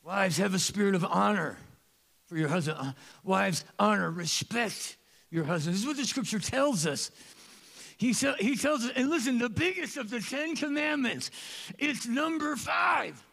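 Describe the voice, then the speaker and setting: A pastor delivers a sermon in a high, gravelly man's voice. He is animated and jokes as he goes, and he jumps into loud, emphatic bursts. It sounds like a church service. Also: moderate pace. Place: church sanctuary.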